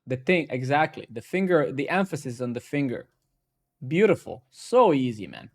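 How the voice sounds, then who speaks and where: Gravelly man live-coding and muttering. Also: medium pitch, moderate pace. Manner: talks to himself, swears, excitable outbursts. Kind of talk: casual live-stream commentary while coding.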